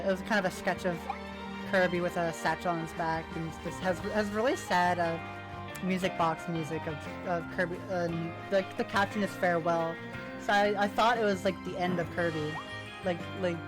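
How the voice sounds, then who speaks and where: A woman streamer in casual chat, rambling and sentimental, with lots of fillers. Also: lowish voice. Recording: music playing behind.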